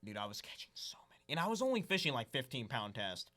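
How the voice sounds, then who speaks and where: A man's voice: mid-range voice, sing-song, fast talker, pushed and bright. A young man telling casual, rambling fishing stories as a podcast guest, saying "dude" a lot. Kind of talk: casual storytelling chat.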